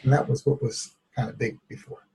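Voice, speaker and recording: A man's voice: medium pitch, fairly even intonation, a little fast, a little mellow. A man, a therapist, telling a candid personal story in an interview, reflective and laughing at times. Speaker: therapist guest.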